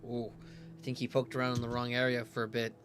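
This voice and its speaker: A man's voice: mid-range voice, monotone, a bit bright, soft background music. A young man giving casual, rambling commentary as he reacts to a story game, often hedging with filler phrases. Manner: rambling, hedging with "kinda like", quick to laugh. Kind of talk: casual let's-play commentary.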